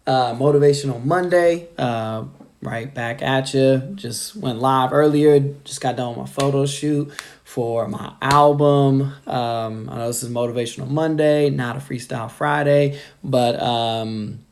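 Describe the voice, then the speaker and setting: A man's voice: medium pitch, fairly even intonation, measured pace, slight background noise. A man who works in sales gives a casual motivational pep talk on a live stream, loose and full of fillers. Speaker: sales rep giving motivation.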